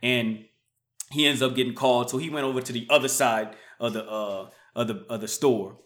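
A man hosting a podcast, telling a story casually, swinging from muttered asides to loud, animated bursts. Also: mid-range voice, a little fast. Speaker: podcast host.

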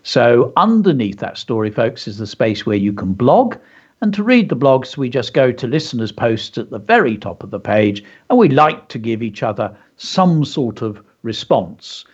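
A man's voice: medium pitch, sing-song, moderate pace, a little mellow, husky. A man hosting a children's radio lesson, reading his story aloud with enthusiastic, chatty asides. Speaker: teacher and radio show host. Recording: dull lo-fi radio audio.

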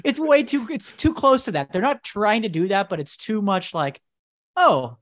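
A man's voice: high-pitched, sing-song, normal speed, no echo, studio quality. A man co-hosting a casual chat podcast, ranting with sarcasm. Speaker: podcast co-host.

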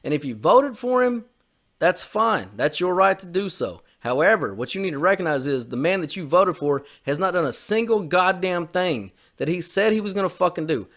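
A man's voice: sits high, lively intonation, normal speed, a bit bright. A man co-hosting a podcast, ranting on politics in a heated, profane way. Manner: heated, profane, repetitive swearing. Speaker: podcast co-host. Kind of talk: opinionated political rant.

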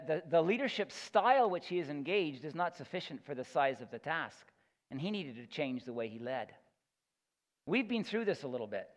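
A man preaching a sermon as pastor, earnest and emphatic, often repeating words as he builds his point. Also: on the high side. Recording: echoey hall, dull lo-fi sound.

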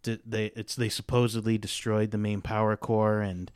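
A man chatting casually as a guest on a podcast, rambling through his thoughts with plenty of fillers and restarts. His voice is smooth and a little low, recorded close and dry. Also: level tone, moderate pace, a little mellow, no room sound. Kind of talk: casual chat.

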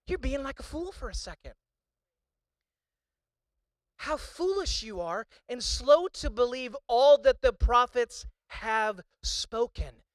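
A man's voice: very high-pitched, expressive, slow, no echo, voice pushed up, heavily acted. A man voicing God as a stern male figure who rebukes a listener with urgent repeated questions. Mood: rebuking.

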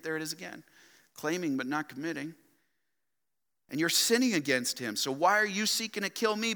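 A pastor preaches a sermon in a church sanctuary, his high, piercingly bright voice carried by a long hall reverb. He swings from loud, emphatic exclamations to hushed, low asides, pressing his listeners with rhetorical questions. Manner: addresses listeners as "loved ones" and asks rhetorical questions.

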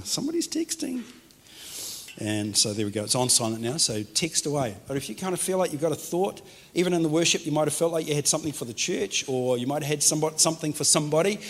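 A man, a pastor giving a chatty, joking sermon and speaking directly to his congregation. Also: a little high. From New Zealand. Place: church hall with congregation.

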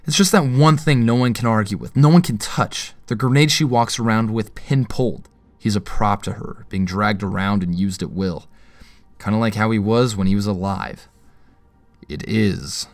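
A man's voice: on the low side, normal speed, no echo. A man narrating an audio drama in the first person, with a wry, tense inner-monologue delivery.

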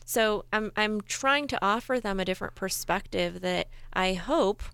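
Woman co-host, low gravelly voice, smooth and reflective, dry close sound. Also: a little slow, a bit bright, no room sound. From Persian background. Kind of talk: casual conversation.

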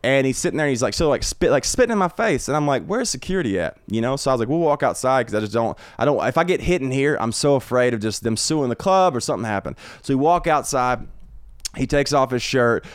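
A man's voice: medium pitch, animated, fast talker, clear, resonant tone, dry recording, studio quality. A man, a comedian, telling a long profane story on a podcast, repeating himself as he goes. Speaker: comedian guest. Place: home podcast studio.

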